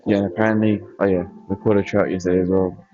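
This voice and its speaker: A young man vlogging in a relaxed, rambling way, correcting himself as he goes. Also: low-pitched, fast, lo-fi sound, soft background music. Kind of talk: casual chat.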